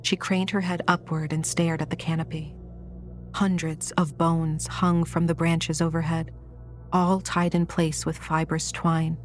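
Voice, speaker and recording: A woman narrates a horror story in a low, steady voice that stays measured and even throughout. Soft music runs faintly beneath her reading. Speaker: audiobook narrator.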